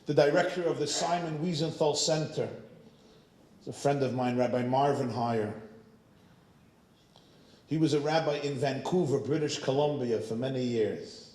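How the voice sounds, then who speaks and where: Humorous rabbi telling a story in an echoey synagogue. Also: male voice, medium pitch, moderate pace, long pauses, darkish tone, slight background noise. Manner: anecdotal, humorous. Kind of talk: sermon with storytelling.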